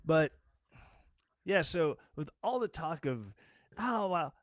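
Slow and sing-song, this slightly high male voice is recorded in studio quality without room sound. The talk-show host sounds weary, ranting casually about politics in a sarcastic, meandering way and mimicking others with mocking voices.

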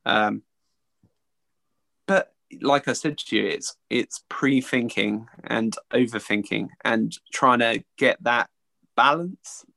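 A man, an early educator, giving an earnest, halting interview answer with frequent restarts. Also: medium pitch, creaky, sharp tone, no echo.

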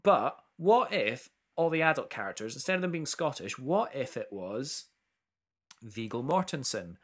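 A man co-hosting a casual chat, talking loosely, restarting sentences and jumping up in pitch when excited. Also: normal speed. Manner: chatty, self-interrupting, big pitch swings when excited. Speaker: podcast co-host.

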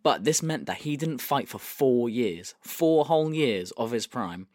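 A man's voice: mid-range voice, animated, unhurried, darkish tone, dry recording, studio quality. A man hosting a casual podcast, presenting a segment, swearing freely and laughing as he talks. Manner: swears freely, laughs often, reads quotes aloud.

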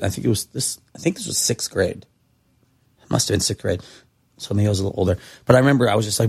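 Raspy grizzled guy from california rambling thru a story on a podcast, kinda husky. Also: fairly low pitch, quick pace. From Santa Cruz, California. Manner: animated, rambling, acts out quotes. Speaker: podcast guest. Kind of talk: casual storytelling.

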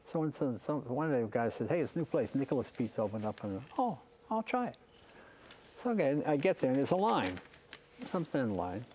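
A man's voice: mid-range voice, very animated, quick pace, a little mellow, a little hiss or hum. An older man, a talk show host, telling funny anecdotes in a big garage and acting out the voices in his stories. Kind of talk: storytelling anecdotes. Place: large car garage.

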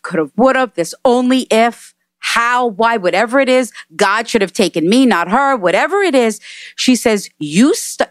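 A woman medium delivers a spirit reading with emphatic, animated energy. Her voice sits close and dry on a podcast mic, with no room sound around it. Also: on the high side, no room sound. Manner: emphatic and animated, repeating messages. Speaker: psychic medium.

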